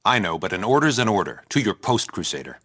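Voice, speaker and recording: An actor playing a steady, dutiful male soldier with a firm, low-key manner in a game. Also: fast talker, slightly rough, exaggerated voice.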